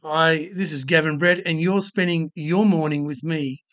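A man's voice: a little high, steady tone, normal speed, fairly bright tone. A man hosting a morning radio show, chatting casually and telling light jokes. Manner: friendly, jokey. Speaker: radio host. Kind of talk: casual on-air chat.

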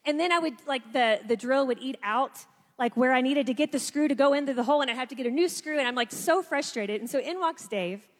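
A woman speaks to a gathered room, telling a personal story with lively energy and acting out the voices of others. Her voice sits fairly high, and it rings with a long reverb from the hall. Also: fast. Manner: animated storyteller, acts out quotes. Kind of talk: storytelling talk to an audience.

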